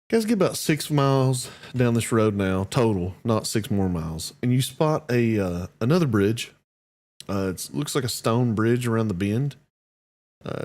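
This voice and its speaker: Game master, lower-pitched man, relaxed halting narration, tabletop game.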